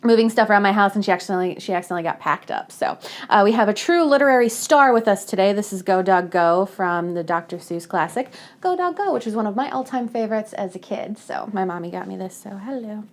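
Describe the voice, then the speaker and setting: A woman's voice: medium pitch, expressive, fast talker. A woman from the hosting a casual book club podcast, chatty and giggly with lots of fillers. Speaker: podcast host.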